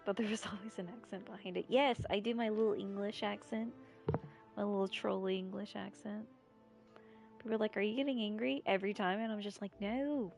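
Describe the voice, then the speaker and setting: Gravelly-voiced rural American woman streamer. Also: mid-range voice, little pitch movement, brisk, a little mellow. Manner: rambling, giggly, irreverent. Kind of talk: casual live-stream chat. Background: faint game music.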